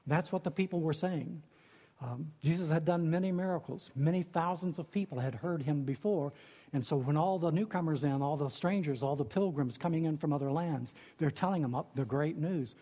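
A man delivers a sermon as a pastor, swinging from low, quiet lines up to high, ringing emphatic cries. His voice sits a little high and carries a slight husk. Long reverb trails behind him as in a large hall. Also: a little fast, breathy edge.

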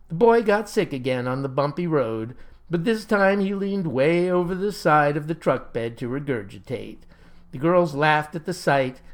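A man telling a comic first-person story in a folksy, old-fashioned, deadpan sanctimonious manner. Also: on the high side.

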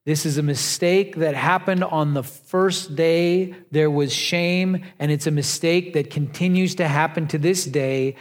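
A man preaching a sermon, telling the story with lively, pleading emphasis. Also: on the high side, unhurried, few pauses. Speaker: pastor. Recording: long reverb of a large hall.

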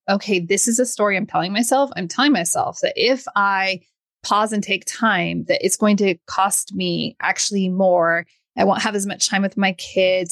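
A woman's voice: medium pitch, no room sound. Earnest woman podcast host, dry close sound. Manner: earnest, explanatory. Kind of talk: reflective casual conversation.

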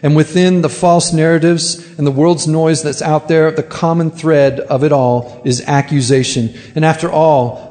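A man's voice: on the high side, a little mellow. A man preaching a sermon as a pastor, earnest, often repeating words as he starts a thought. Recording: long hall reverb.

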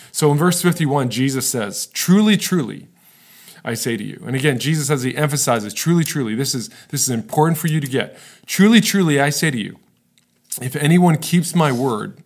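Earnest conversational male preacher. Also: mid-range voice. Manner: conversational, earnest, frequent "right?" asides. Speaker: pastor. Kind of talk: sermon. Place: recorded for online viewers.

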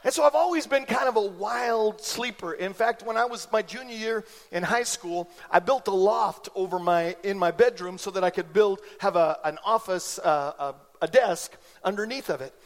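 A man in his forties preaching a sermon in church, an animated storyteller who acts out the voices in his anecdotes. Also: high-pitched, normal speed, hardly any pauses, long reverb tail. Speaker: pastor. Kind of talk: sermon with personal stories. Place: church sanctuary.

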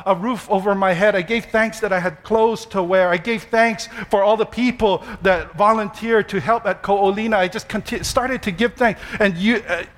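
A man pastor, preaching a sermon with animated storytelling, self-deprecating humor and slow emphatic repetition. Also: sits high.

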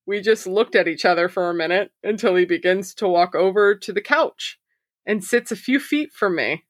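A woman's voice: medium pitch, normal speed, dry recording. Lady podcast host reading a listener's story, cussing and cracking up a lot, dry close sound. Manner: casual, swears freely, laughs often while reading. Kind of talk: reading listener stories aloud.

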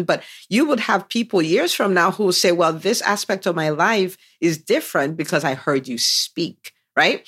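A woman's voice: fairly low pitch, lively intonation, moderate pace, few pauses, a bit bright, slightly rough. A woman hosting a business podcast, enthusiastically unpacking and praising her guest's story in an interview chat. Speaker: podcast host and business coach.

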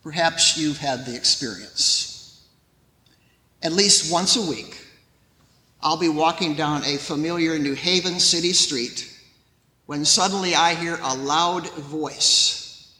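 Male pastor, sermon, measured storytelling delivery, very bright tone, roomy echo. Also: a little high.

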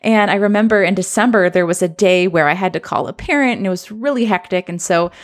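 A woman's voice: medium pitch, fast. A woman, a former teacher now working as a coach, telling a personal story in an earnest, reflective way. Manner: earnest, reflective, re-enacts children's voices.

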